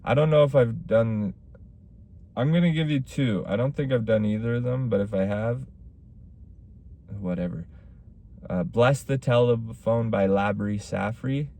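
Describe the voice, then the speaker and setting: A man's voice: mid-range voice, unhurried, long pauses, warm tone, a little hiss or hum. A young man hosting a casual solo podcast, rambling through stories about his stand-up shows and acting out what people said. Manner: rambling storytelling with acted-out quotes. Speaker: podcast host; stand-up comic.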